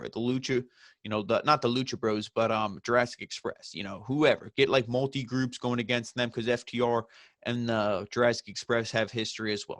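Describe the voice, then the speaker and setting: A man's voice: medium pitch, a bit bright, dry recording. A young man casually recapping and reviewing a wrestling show, rambling with lots of fillers and acted-out quotes. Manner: rambling, loose, with many fillers and quoted asides.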